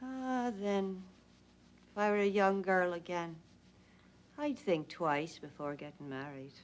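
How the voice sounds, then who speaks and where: An actress playing an anxious, long-suffering wife, coaxing and fretful. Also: female voice, on the low side, slow. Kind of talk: stage play acting.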